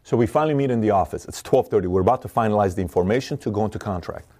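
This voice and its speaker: A middle-aged man giving a motivational talk, energetic and repetitive, acting out the voices of people in his stories. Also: lowish voice, racing. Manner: energetic, acts out quoted voices, repeats himself. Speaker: motivational speaker. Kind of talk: fast motivational monologue to camera.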